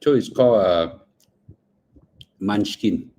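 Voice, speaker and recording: This middle-aged man has a lowish, mellow voice, a slow pace, and a Singaporean English accent, with slight background noise in the clip. He hosts a casual finance livestream, chatting in Singlish sprinkled with Mandarin and murmuring between bites of food.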